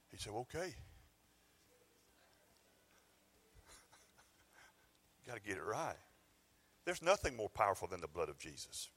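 Folksy preacher, bright tone. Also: male voice, medium pitch, husky. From Georgia, US. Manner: folksy, conversational preaching with bursts of emphasis. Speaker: pastor. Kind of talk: sermon. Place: church sanctuary.

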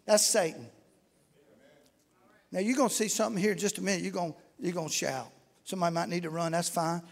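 High-voiced fervent preacher. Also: male voice, animated, normal speed. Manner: fervent, folksy, reads scripture aloud. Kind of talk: sermon. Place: church sanctuary. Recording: echoey hall with long reverb.

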